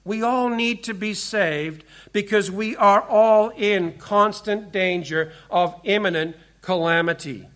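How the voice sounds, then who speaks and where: A man's voice: high-pitched, slow pace, few pauses, a bit bright. A man preaching a sermon to a congregation, earnest and direct, asking rhetorical questions as he retells a scripture story. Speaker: pastor. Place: warm room with a congregation.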